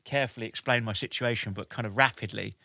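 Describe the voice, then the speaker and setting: Animated man telling a story. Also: lowish voice, fast talker, creaky, no echo, studio quality. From United Kingdom. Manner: animated, with many "like" and "basically" fillers. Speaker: podcast guest, military veteran. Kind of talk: lively anecdote-telling.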